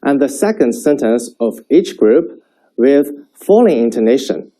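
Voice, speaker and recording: A man teaching a Chinese language lesson, speaking slowly and clearly so learners can repeat after him. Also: medium pitch, animated, mellow, low-quality recording. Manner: slow, clear modeling of sentences for repetition.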